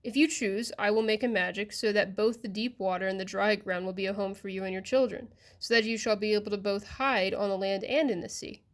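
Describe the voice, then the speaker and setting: A woman's voice: medium pitch, steady tone, fairly quick, hardly any pauses, natural voice. A woman voicing a weary, lazy man in a canoe in a storybook reading, speaking plainly.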